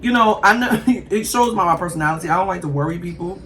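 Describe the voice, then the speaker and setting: A woman chats casually with her viewers while she eats. She is emphatic and animated and speaks straight to the camera. There is a faint hiss of noise behind her. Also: on the low side, quick pace, rough recording. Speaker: mukbang host. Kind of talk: casual chat while eating.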